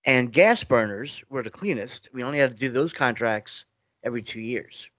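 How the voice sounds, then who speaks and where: A man's voice: mid-range voice, normal speed, a bit bright, no room sound. Rambling New man, dry sound. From New York. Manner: rambling, restarts often, acts out quoted dialogue. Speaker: guest. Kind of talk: casual interview storytelling.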